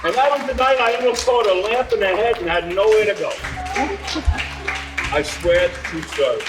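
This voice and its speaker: A man telling a ghost story to a live audience, animated and laughing through his own tale. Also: sits high, moderate pace, over music, a crowd in the background. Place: curiosity shop event with live audience. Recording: echoey room, far from the mic.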